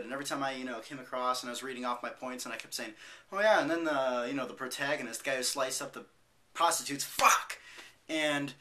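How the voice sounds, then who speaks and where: Bright-voiced young man ranting casually. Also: mid-range voice. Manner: profane, rambling, self-mocking. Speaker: vlogger. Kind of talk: casual vlog rambling.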